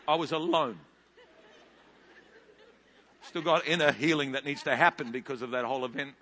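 A man in his fifties with a New Zealand accent, preaching a sermon as a pastor, telling stories animatedly and rising into loud bursts. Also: mid-range voice, normal speed, a faint crowd. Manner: animated storytelling with big loud rises. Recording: long hall reverb.

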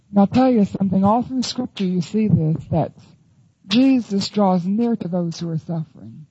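A woman's voice: mid-range voice, mellow, slightly rough, no echo, highs cut off. A woman teaching the Bible in an earnest, emphatic sermon.

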